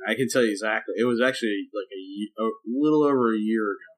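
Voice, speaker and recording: A man co-hosting a casual podcast, a preacher who tells stories animatedly and turns loud and emphatic when reliving an argument. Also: on the low side, quick pace. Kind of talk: casual chat.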